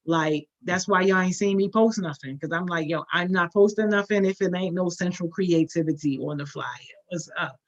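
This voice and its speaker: A woman's voice: fairly low pitch, normal speed, hardly any pauses, dull audio. A woman hosting a casual live stream, greeting viewers by name and encouraging them in upbeat, slangy talk. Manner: encouraging, motivational. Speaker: host of a youth program livestream.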